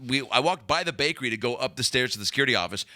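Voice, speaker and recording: A man on a podcast telling a long story as a comedian guest, animated and profane, rambling with restarts. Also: medium pitch, racing.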